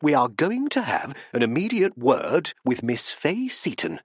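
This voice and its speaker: A man voicing a stout, genial elderly male detective who questions people in a musing, deliberate way, in an audiobook. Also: mid-range voice, huge pitch swings, husky, no echo, studio quality, heavily acted. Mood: pondering. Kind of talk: audiobook character voice.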